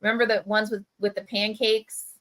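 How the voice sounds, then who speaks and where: A middle-aged woman tells a story over a video call livestream. Her voice is bright and forward, at a middling pitch. She talks in a loose, chatty way and fills her sentences with "like", "you know" and "right?". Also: level tone, normal speed, poor audio. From Camden, New Jersey. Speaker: press editor.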